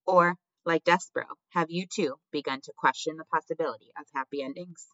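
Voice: mid-range voice, brisk, hardly any pauses, sharp tone, no room sound. A narrator reading a storybook aloud expressively, speaking directly to the reader. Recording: dull lo-fi dry recording.

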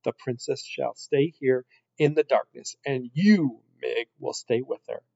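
A man's voice: medium pitch, unhurried, creaky, darkish tone, dry recording. A man voicing a cruel, scornful male rat villain with a haughty, sneering delivery. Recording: dull lo-fi recording.

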